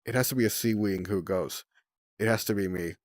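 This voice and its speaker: A man voicing a fierce, protective female sea dragonet in a storybook, with an urgent, forceful delivery. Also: lowish voice, fairly quick, no room sound, clean studio sound, lightly acted. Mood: insistent.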